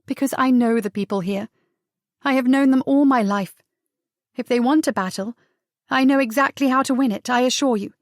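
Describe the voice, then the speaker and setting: A woman voicing a fierce, defiant young writer, speaking sharply and forcefully. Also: high voice, normal speed, no echo, clean studio sound, natural voice.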